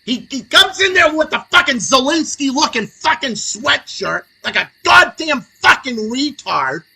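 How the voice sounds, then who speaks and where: A young man hosting a podcast stream, ranting angrily and sarcastically, swinging between low muttering and shouting. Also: big pitch swings, unhurried, gravelly, poor audio. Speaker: podcast host. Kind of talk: profane political rant on a livestream.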